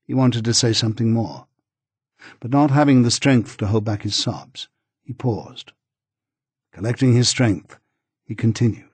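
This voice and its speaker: A man narrating a novel as an audiobook in a measured, grave reading. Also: medium pitch, slightly rough, no room sound.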